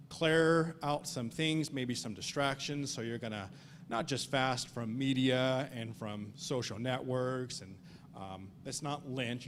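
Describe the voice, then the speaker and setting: A man's voice: medium pitch, a little hiss or hum. A man teaching a Sunday school Bible study in an earnest way, often repeating and restarting words and reading scripture aloud. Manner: reads scripture aloud in old-fashioned wording.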